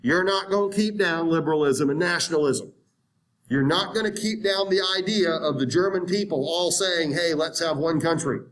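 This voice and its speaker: A man giving a history lecture in an animated, conversational way, acting out historical viewpoints. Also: sits high, normal speed. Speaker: history teacher. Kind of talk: classroom lecture.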